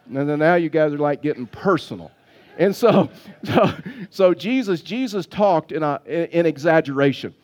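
A man's voice: on the high side, normal speed, darkish tone, highs cut off. A man, a pastor preaching a sermon, telling stories with repeated words and restarts. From Texas.

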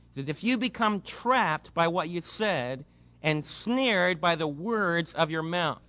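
Guy preaching a sermon, pretty high voice, bright, gets all worked up acting out people. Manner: animated, acts out quoted voices, speeds up when excited. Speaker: pastor.

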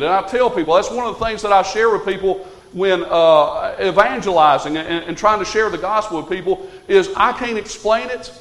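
High-voiced preacher in a reverberant hall. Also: male voice, moderate pace, a bit bright. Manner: earnest, building to fervent exhortation. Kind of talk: sermon. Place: church.

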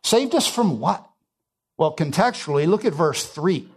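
A man preaching a sermon, emphatic, repeating key phrases and swinging between quiet and loud passages. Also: a little high, expressive, measured pace, husky. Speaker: pastor.

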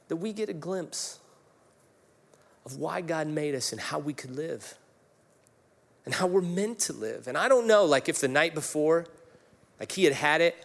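Emotional man in his forties preaching. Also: fairly high pitch. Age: 40s. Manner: emotional, personal storytelling with frequent fillers. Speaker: pastor. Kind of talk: sermon.

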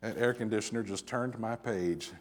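A man preaching a sermon with scripture reading, dramatic, swinging from loud emphasis to quiet asides with wry humor. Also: lowish voice, moderate pace. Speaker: pastor. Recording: long reverb of a large hall.

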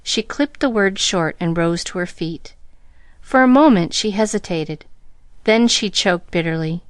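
A woman's voice: lowish voice, lively intonation, measured pace, clear, resonant tone, no echo. Woman narrating a classic novel. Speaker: audiobook reader. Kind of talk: scripted narration.

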